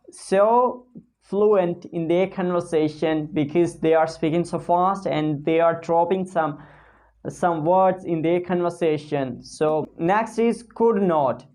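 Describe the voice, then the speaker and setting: A woman teaching spoken English pronunciation, talking casually to camera and slowly repeating model phrases for learners to copy. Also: fairly low pitch, a little mellow. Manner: many fillers and restarts, non-native phrasing.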